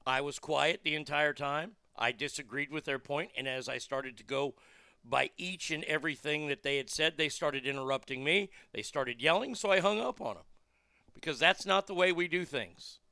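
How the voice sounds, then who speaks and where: A man's voice: a little high, moderate pace, gravelly, pushed and bright, clear, resonant tone, no echo, studio quality. A man hosting a talk show, ranting bluntly and swearing casually as he riffs on the news. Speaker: radio talk show host. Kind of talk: profane casual monologue.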